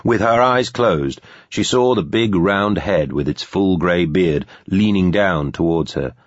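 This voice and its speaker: Man narrating an audiobook, very low voice, measured pace, dull lo-fi dry sound. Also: dry recording. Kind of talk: scripted narration.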